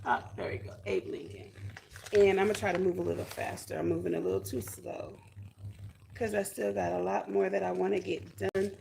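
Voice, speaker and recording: Chatty woman with a gravelly voice. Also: mid-range voice, brisk, darkish tone, a little hiss or hum. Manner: chatty, self-deprecating, thinks aloud with fillers. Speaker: homesteading vlogger. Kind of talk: casual livestream chat reading comments.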